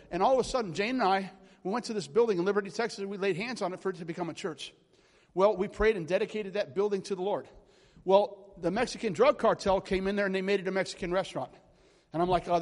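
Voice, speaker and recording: A man preaching a charismatic sermon, telling stories animatedly and checking in with the congregation. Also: high voice. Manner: animated, rambling storyteller addressing congregation. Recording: long hall reverb.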